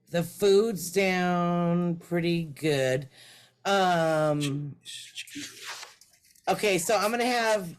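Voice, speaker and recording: A woman co-hosting an online language lesson, coaching students with slow, patient prompts over a video call. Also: on the low side. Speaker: language teacher and co-host.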